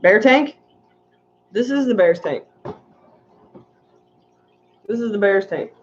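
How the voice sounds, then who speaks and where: Brief: woman streamer, mid-pitched, chatty and meandering, slightly muffled audio. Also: lively intonation, slow pace. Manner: chatty, rambling, reading chat aloud. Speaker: aquarium channel host. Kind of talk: casual livestream chat.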